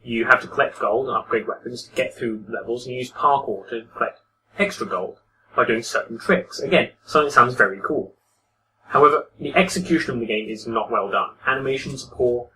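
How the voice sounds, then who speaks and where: A man with a bright, forward voice talks through a game in a loose, conversational review. He is critical and often stops and restarts mid-sentence. He sits a little back from the mic, with a faint hiss underneath. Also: medium pitch, far from the mic, poor audio. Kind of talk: casual commentary over gameplay.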